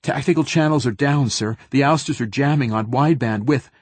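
A man's voice: medium pitch, brisk, a little mellow, no room sound, voice pushed up, natural voice. A man voicing a young male Marine lieutenant who stammers and hesitates under pressure. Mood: flustered.

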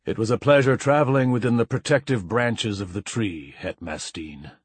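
A composed, formal male diplomat, voiced by a male narrator, measured and even. His voice is low and husky, recorded dry and close for a story reading. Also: no room sound. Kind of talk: audiobook character voice.

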